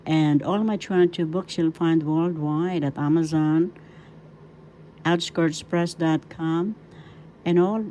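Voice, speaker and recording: Low, mellow Filipino woman teaching. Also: a little hiss or hum, rough recording. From Philippines. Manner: slow, syllable-by-syllable teaching. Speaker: Tagalog language teacher. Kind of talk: video language lesson. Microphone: webcam or phone camera.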